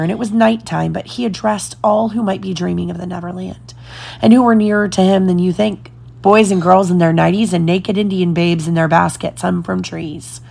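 A woman reading a children's storybook aloud in a slow, deliberate storytelling manner. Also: fairly low pitch, vocal fry, a little mellow, slightly rough. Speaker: storybook reader.

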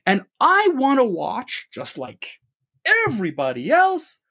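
A man's voice: very high-pitched, wildly swooping pitch, measured pace, vocal fry, fairly bright tone, breathy edge. A man co-hosting a sports opinion show, giving an emphatic rant full of rhetorical questions. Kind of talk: ranting opinion commentary.

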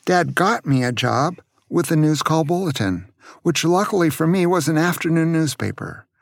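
An older man from California, a grandfather telling children about his youth in a gentle way and asking them questions. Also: fairly high pitch, gravelly, no echo, studio quality. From Santa Cruz, California. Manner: gentle, asks the listener questions. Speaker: grandfather storyteller. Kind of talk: storytelling to children.

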